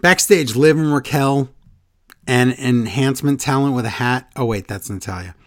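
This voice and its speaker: A man's voice: mid-range voice, normal speed, dry recording, clean studio sound. A man in casual chat, animatedly retelling events and quoting people in funny voices. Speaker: podcast co-host recapping wrestling.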